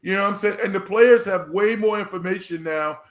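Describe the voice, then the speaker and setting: Male sports panelist, high voice, echoey room, emphatic. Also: brisk. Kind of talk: casual sports talk.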